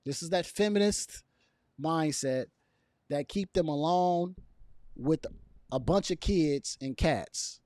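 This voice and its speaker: A man's voice: fairly high pitch, slow, pauses often, a little mellow, no echo, studio quality. A man giving casual opinion commentary to camera, emphatic and repetitive, with chuckles between his points. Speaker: video commentator.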